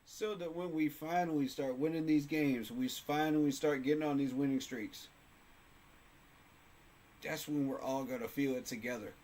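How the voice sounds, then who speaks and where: A man's voice: on the high side, normal speed, a little mellow. A man hosting a sports fan channel, talking casually to camera in a passionate, emphatic way and repeating phrases for effect.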